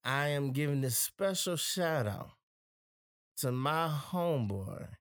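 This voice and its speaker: A young man with a New Orleans accent hosting a casual podcast, joking and telling stories in relaxed slang. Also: on the high side, takes it slowly, dry recording, clean studio sound. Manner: laid-back, joking storyteller with slang. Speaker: podcast host.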